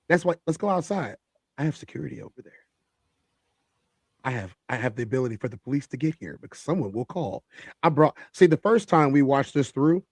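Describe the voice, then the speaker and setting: A man's voice: medium pitch, a little mellow, no echo. A man hosting a heated panel discussion, emphatic and repeating phrases for stress.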